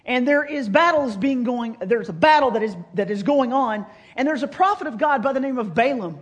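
A woman preacher retelling a scripture story in a sermon, with animated storytelling that swings from loud to hushed. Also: high voice, fairly quick.

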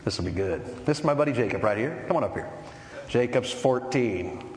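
A man's voice: mid-range voice, lively intonation, brisk. Male preacher in an echoey hall. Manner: rhetorical questions, building to forceful emphasis. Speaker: preacher at a men's meeting. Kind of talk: sermon. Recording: echoey hall with long reverb and faint noise.

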